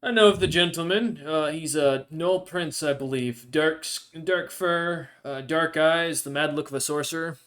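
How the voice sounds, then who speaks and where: A man voicing a large, formal male Goliath guild official who speaks politely and in measured phrases. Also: a little high, a bit bright, natural voice. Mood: courteous.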